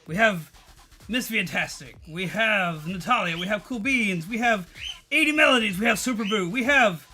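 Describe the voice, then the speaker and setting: An excitable, playful streamer talks in a silly put-on accent with a bright, forceful tone. They are standing at a desk in a very small room, and faint music plays underneath. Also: mid-range voice, normal speed. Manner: excitable and playful, exclaiming often. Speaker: streamer carving a pumpkin. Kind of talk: live stream chat.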